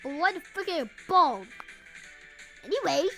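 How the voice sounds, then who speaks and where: A woman commenting excitedly over her own gameplay, yelping and joking as she plays. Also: very high voice, measured pace, loud music behind the voice. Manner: excitable, yelps and screams often; playful, jokey asides. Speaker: gaming video host. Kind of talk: let's-play commentary.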